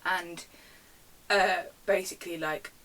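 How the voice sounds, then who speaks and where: A young woman rants casually on her vlog, retelling customer service stories in a chatty, animated way from her bedroom at home. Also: lowish voice, takes it slowly, far from the mic, slight background noise, poor audio. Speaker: vlogger. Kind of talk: casual storytime rant.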